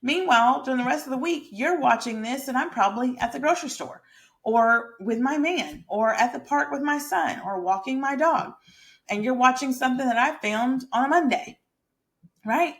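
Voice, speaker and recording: A woman's voice: a little high, fairly bright tone. A woman who also works as a hairstylist, talking casually and emphatically to her viewers as a lifestyle and mindset creator. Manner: chatty, emphatic and motivational, talks straight to viewers. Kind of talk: casual direct-to-camera talk.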